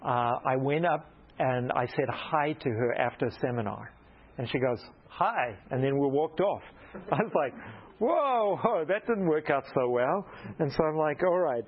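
A man preaches through a personal story, poking fun at himself and acting out each exchange. His voice sits a little high and climbs further when he gets excited. The recording sounds dull and lo-fi. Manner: animated, self-mocking storyteller who acts out dialogue. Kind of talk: storytelling sermon.

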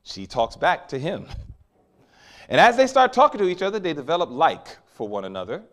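A man preaching a sermon, animated and storytelling, with sudden loud peaks. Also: a little high, fairly quick.

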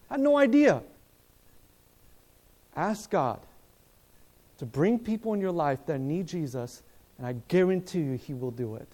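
A man preaching at a seminar, telling a story in a lively way, acting out the dialogue and asking his listeners questions, speaking in a hotel seminar room. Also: a little high, unhurried, long pauses. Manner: animated, acts out dialogue, asks the audience questions.

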